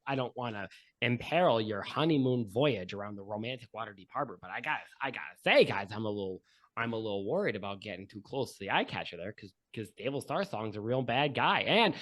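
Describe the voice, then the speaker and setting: A chatty boat cook, as a man puts him on for a tabletop game, rambles on with his gossip in a middle-pitched voice. He hesitates a lot and sounds nervous, all in an everyday tone. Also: a bit bright, dry recording, lightly acted. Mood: worried.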